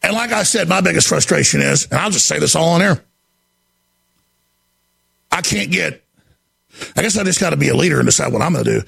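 A man hosting a talk radio show, delivering a frantic, desperate monologue that often breaks into shouting. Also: fairly high pitch, lively intonation, brisk, vocal fry, pauses often, breathy edge. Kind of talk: impassioned on-air monologue.

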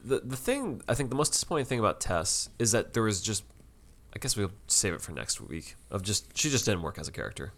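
Low-voiced man, rambling casual chat. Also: sing-song, a little fast, fairly bright tone. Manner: rambling, with many fillers and restarts. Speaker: podcast co-host. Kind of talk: casual chat reviewing a TV episode.

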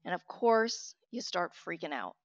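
A talkative woman in her thirties speaks as an interview guest, sharing a personal story in a candid, heartfelt way. Her voice sits a little low and she often restarts her sentences. The sound is dry and dull, with a lo-fi quality. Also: big pitch swings, unhurried, no room sound.

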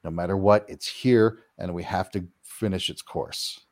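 A man answering interview questions, explaining his work clearing houses and acting out quoted reactions as he talks. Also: normal speed. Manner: animated, acts out quoted reactions with big pitch jumps. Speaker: paranormal house-clearing practitioner, guest.

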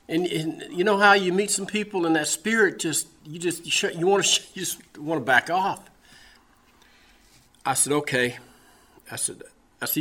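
A man's voice: a little high, moderate pace, long pauses, bright, forceful tone. A man preaching a sermon, telling a personal story in a folksy, storytelling way, often repeating his words as he goes. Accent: Southern American.

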